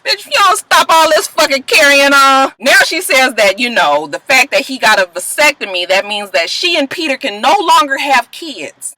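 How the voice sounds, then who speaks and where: A woman's voice: high-pitched, expressive, moderate pace, few pauses, very noisy. A woman recapping a reality show in casual, profane, sassy commentary, laughing often. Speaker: reality TV reviewer.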